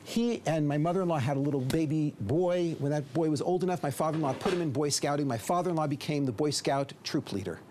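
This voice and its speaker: A middle-aged rabbi from the United States giving a storytelling lecture, acting out dialogue and at times dropping to a whisper. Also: male voice, on the high side, fast, few pauses, slight background noise. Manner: lively storyteller who acts out dialogue and drops to a whisper.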